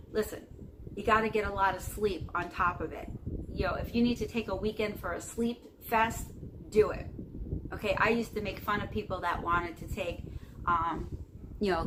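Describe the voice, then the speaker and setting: A woman vlogging casual spiritual advice to camera, rambling with many fillers and checking in with "okay?". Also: medium pitch. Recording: noticeable background noise.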